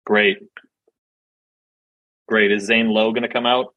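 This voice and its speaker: A man's voice: on the low side, level tone, takes it slowly, sharp tone, rough recording. A man co-hosting a podcast in casual chat, bantering and joking. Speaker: podcast co-host.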